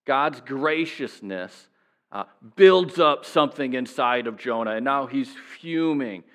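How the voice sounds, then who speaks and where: A man's voice: medium pitch, lively intonation, measured pace, a bit bright. A man preaching a sermon in a conversational way, chuckling now and then and voicing the people he quotes. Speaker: pastor.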